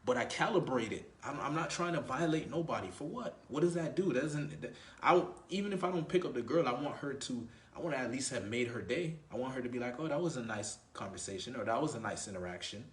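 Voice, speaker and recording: A man's voice: medium pitch, a little fast, hardly any pauses, reverberant. A man giving casual dating advice, laid-back, swearing freely and acting out both sides of a conversation, recorded in a grocery store. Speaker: dating coach. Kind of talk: casual instructional monologue.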